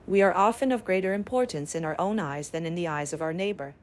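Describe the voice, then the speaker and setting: A woman narrating bedtime fables in a calm, measured way. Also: fairly low pitch, faint music behind. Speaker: storyteller.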